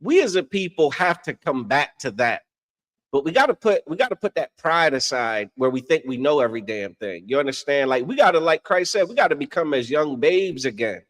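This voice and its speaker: A religious teacher co-hosting a podcast talks a little fast, his fairly high voice very animated. His teaching in this casual discussion is preachy, peppered with "you understand?" and laughter at his own tales.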